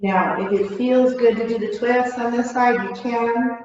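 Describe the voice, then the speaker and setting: A woman's voice: on the high side, a little slow. Female yoga instructor, slightly winded, casual coaching, distant mic, big studio echo, dull sound. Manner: relaxed, chatty, laughs at herself. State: out of breath. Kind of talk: guided yoga class instruction.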